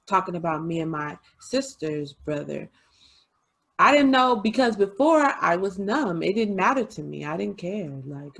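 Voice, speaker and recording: A woman talks openly in a casual podcast chat, confiding and chatty. Her voice sits slightly low, and she often breaks into laughter and quick asides. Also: expressive, gravelly, fairly bright tone, slightly rough. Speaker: podcast host.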